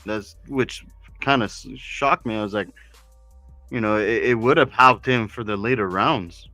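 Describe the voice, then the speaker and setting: Bright-voiced man, hesitant boxing chat. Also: lowish voice, measured pace, dry recording, soft background music. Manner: hesitant, restarts phrases. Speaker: podcast host.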